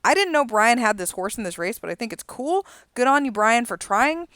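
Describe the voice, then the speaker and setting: A woman calling horse races live, her voice lifting and quickening as the field charges down the stretch. Between races she drops into easy, chatty talk about each runner. Her tone is smooth and clean, recorded dry and close with no room sound. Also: a little high, very animated, fairly bright tone, no room sound. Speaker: race caller and stream host. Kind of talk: live horse race commentary with casual asides.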